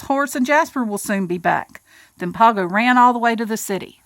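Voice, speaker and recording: A woman's voice: fairly high pitch, lively intonation, moderate pace, a bit bright, no room sound. A woman reading a children's picture book aloud, doing voices for the characters and adding little asides to her listeners. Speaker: storybook reader.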